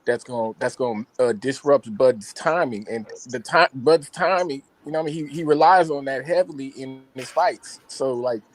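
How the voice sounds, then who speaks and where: A man's voice: mid-range voice, normal speed, few pauses, slight background noise, rough recording. A man on a panel chat, laid-back and profane, breaking down a fight. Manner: laid-back, profane, says "you know what I mean". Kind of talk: casual boxing analysis.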